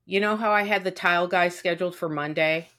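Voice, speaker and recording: Woman co-host, lowish voice, profane storyteller acting out quotes, casual chat. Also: brisk, a bit bright. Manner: venting, profane, acts out quotes. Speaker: podcast co-host.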